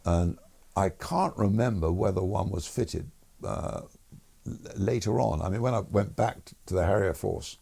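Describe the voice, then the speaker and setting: An older man, a retired air force officer telling stories in a relaxed interview, chuckling and restarting as he goes. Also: low voice, normal speed, gravelly, breathy edge. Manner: chuckles through stories, many fillers and restarts.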